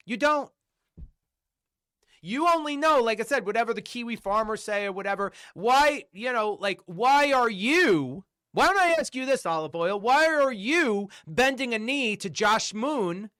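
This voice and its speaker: On a livestream, a man with a very high, pushed, bright voice launches into an angry, profane rant. He is combative and repetitive, hammering away with the same rhetorical questions again and again.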